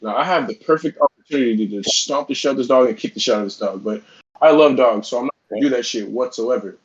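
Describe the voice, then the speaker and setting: Fast-talking profane man on a podcast. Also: mid-range voice, lo-fi sound. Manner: profane, heated storytelling. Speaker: podcast co-host. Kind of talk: casual podcast chat.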